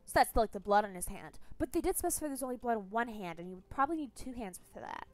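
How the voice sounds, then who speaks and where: Young woman streamer rambling over a game, kinda high voice, soft music under it. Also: fast talker. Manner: animated, swears freely, thinks aloud. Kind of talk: casual gameplay commentary.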